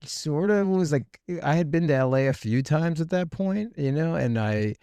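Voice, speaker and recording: A man's voice: a little high, animated, moderate pace, dark tone, smooth, no echo. A man in his forties telling a story on a podcast in a rambling, profane way, full of fillers and laughs. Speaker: podcast guest. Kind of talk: casual storytelling.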